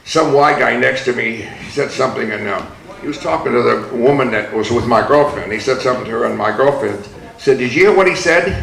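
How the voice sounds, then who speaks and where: An older man with a gravelly, rough-edged voice tells stories in a blunt, profane, laughing manner. He speaks as an activist addressing a reunion audience. The recording is echoey, as in a large hall. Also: medium pitch, a little fast, a bit bright. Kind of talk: storytelling speech.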